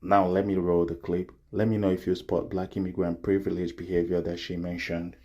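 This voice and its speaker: A man giving earnest, measured commentary that asks rhetorical questions. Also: sits low, flat delivery, a little mellow, highs cut off. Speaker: online commentator. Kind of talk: opinion commentary.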